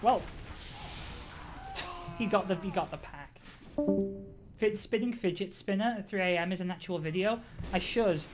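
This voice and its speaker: A woman's voice: mid-range voice, normal speed, pauses often, over music. Chatty woman streaming a game. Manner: chatty, swears and laughs often, reacts to chat. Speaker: live streamer. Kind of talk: casual gaming commentary.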